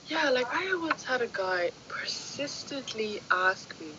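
A woman's voice: on the high side, lively intonation, slow. A woman chatting casually, telling blunt stories in an indignant tone. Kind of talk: casual chat. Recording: muffled recording with clear background noise.

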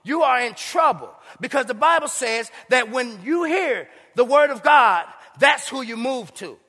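Man preaching, very high voice, gravelly edge, echoey hall. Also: lively intonation, a little slow, sharp tone. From Saint Paul, Minnesota. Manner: preaching with call-and-response asides and playful impressions. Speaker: pastor. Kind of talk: sermon.

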